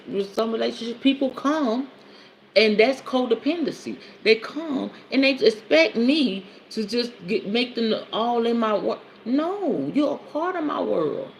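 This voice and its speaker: Laughing, candid woman with a gravelly voice. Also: on the high side, slight background noise. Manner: candid, laughing, talks straight to listeners as y'all. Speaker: podcast host and women's counselor. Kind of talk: casual storytelling monologue.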